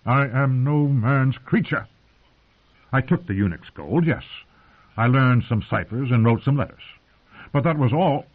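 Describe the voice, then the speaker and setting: A man's voice: mid-range voice, a little slow, pauses often, pitched above the performer's own voice, natural voice. A man reading aloud, voicing a big, proud exiled knight who defends himself and pleads, heard through narrow phone-like sound. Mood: defensive.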